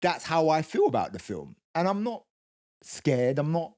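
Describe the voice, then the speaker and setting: A man's voice: a little high, huge pitch swings, moderate pace, darkish tone. A man co-hosting a podcast, telling a long story with lots of restarts, quoted voices and swearing. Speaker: co-host. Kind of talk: casual storytelling chat.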